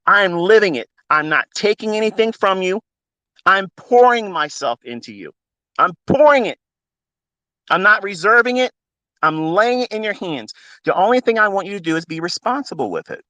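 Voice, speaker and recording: A man's voice: high voice, very animated, moderate pace, sharp tone, dry recording. A man speaking into a phone, giving a fervent, preachy monologue as a trading mentor, blunt and swearing freely. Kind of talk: impassioned monologue on a live audio stream.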